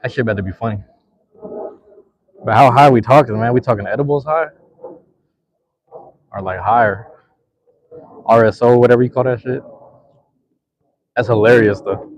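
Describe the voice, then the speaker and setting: A young man hosting a live stream, chatting with viewers in a relaxed, slangy, rambling way. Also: medium pitch, normal speed, pauses often, slight background noise. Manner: laid-back, slangy, rambling. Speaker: livestream host. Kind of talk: casual live chat with viewers.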